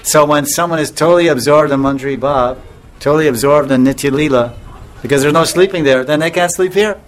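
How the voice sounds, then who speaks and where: A man's voice: fairly high pitch, fairly quick. Chuckling man giving a rambling spiritual talk. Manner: chuckling often, rambling with restarts; acts out voices in anecdotes. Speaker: spiritual teacher. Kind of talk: casual devotional talk.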